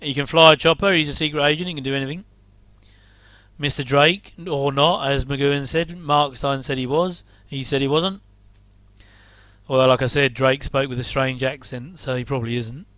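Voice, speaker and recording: Middle-aged guy rambling thru a watch-along, bright and crisp, dry close mic. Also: medium pitch, fairly even intonation, moderate pace, no echo. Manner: chatty, rambling asides, wry jokes and chuckles. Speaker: commentator reacting to an old TV episode. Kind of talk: casual watch-along commentary.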